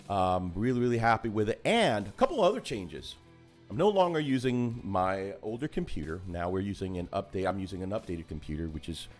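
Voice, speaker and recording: A man hosts a loose, rambling livestream chat, his fairly low voice leaping up and down in lively swings. He speaks over a video call. Soft music plays faintly behind him. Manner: rambling and chatty, animated swings in pitch. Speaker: host of a hobby livestream.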